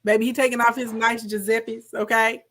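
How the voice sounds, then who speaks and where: A woman's voice: on the high side, moderate pace. A woman with a Southern accent giving casual, sassy commentary on court footage, often calling the audience "baby" and "y'all". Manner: animated, sassy, repeats "baby" and "okay".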